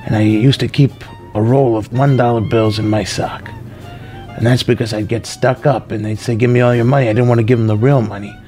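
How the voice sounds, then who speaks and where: A man's voice: medium pitch, fairly even intonation, brisk, mellow, faint music behind, lightly acted. A man voicing a forgetful, nostalgic man in his nineties who rambles through the same old stories. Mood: fond reminiscing.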